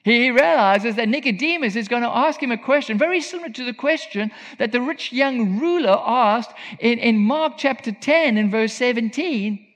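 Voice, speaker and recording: High-voiced preacher in a reverberant hall. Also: male voice, expressive, moderate pace, hardly any pauses, fairly bright tone. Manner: earnest, emphatic teaching tone. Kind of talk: sermon. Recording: long reverb of a large hall.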